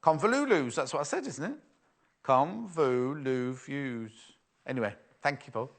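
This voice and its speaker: A man's voice: medium pitch, wildly swooping pitch, quick pace, gravelly, a bit bright, breathy edge. A man presenting a live sewing shopping show, chatty and playful as he reads out viewer messages. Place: TV studio.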